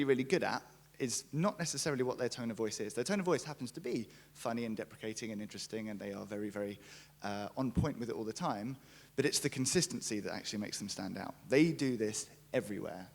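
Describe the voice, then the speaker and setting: A young man giving a conference talk, jokey and lively, acting out quotes as he tells stories. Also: mid-range voice, fast, gravelly. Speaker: conference speaker, brand writer. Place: conference stage.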